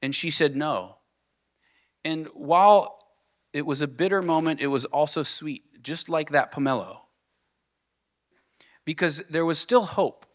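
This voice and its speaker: A man preaching a sermon as pastor, earnest, asking the listeners questions and dropping to a soft, low voice on key points. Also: measured pace, pauses often. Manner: earnest, builds with rising questions then drops soft.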